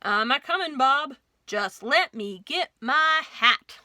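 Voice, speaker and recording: A woman voicing a gruff Old West sheriff who dotes on his hat, with folksy drawling warnings, in a storybook read-aloud. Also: high voice, expressive, drawn-out words, bright, forceful tone, dry recording, studio quality, full character voice. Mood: hurried.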